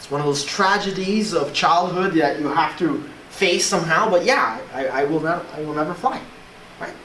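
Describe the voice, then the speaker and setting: An English teacher giving a classroom lesson in an animated way, checking in with the class again and again. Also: medium pitch, moderate pace. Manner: animated, keeps checking in with "right?". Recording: echoey room, voice from far off, faint hiss.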